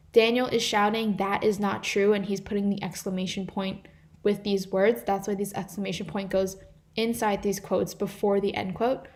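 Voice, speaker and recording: Her voice is mid-range and darkish: a teenager volunteering as a tutor, going over slide-based grammar examples in a live online class. A few fillers and restarts slip in.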